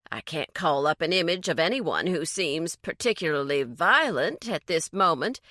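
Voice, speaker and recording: A woman's voice: medium pitch, fairly bright tone, no room sound, studio quality. A woman voicing Jillian, a prim woman who scolds her friends in a mock-stern way and weighs things carefully.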